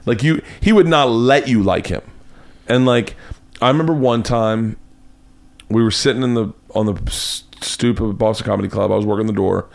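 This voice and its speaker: A man from Florida hosting a podcast, telling stories in casual chat and breaking into loud put-on voices. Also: fairly low pitch, normal speed, creaky. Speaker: podcast host. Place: home studio.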